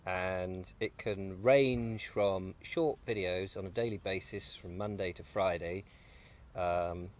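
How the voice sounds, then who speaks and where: Eating breakfast on an allotment, this male video-making guest rambles and jokes, occasionally chewing as he talks. He speaks slowly in a low voice with fairly even intonation, keeping the outdoor conversation relaxed.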